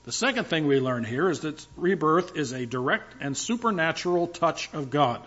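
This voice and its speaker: A man's voice: on the high side, lively intonation, normal speed, fairly bright tone, dull audio. An older male pastor preaching a sermon in a conversational, emphatic way, with asides to the congregation.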